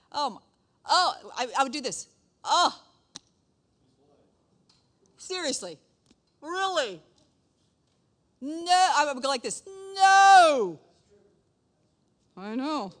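A middle-aged woman giving a casual, chatty sermon as a pastor's wife, often checking in with the listeners. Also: mid-range voice. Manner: chatty, animated, frequent "okay?" asides.

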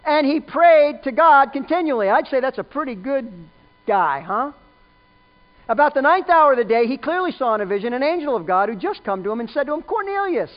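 Emphatic high-voiced preacher, lo-fi sermon. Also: animated, a little fast. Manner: emphatic, repeats key phrases, quizzes the listeners.

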